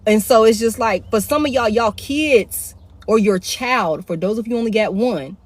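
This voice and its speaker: A woman's voice: fairly high pitch, moderate pace, no echo. A woman giving a casual live tarot reading into a phone. She speaks bluntly, swears often, uses heavy slang and repeats her points. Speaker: tarot reader.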